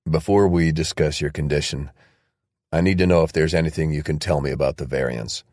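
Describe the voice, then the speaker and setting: A man's voice: extremely low pitch, fairly even intonation, a little fast, darkish tone, dry recording, clean studio sound, pitched below the performer's own voice. A man voicing a stern middle-aged male army officer who speaks in a clipped, businesslike way.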